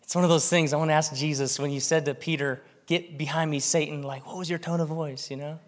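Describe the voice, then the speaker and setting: Man preaching with a slightly high voice. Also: steady tone. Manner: conversational preaching, slows down for scripture reading. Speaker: pastor. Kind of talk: sermon. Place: church in front of a congregation.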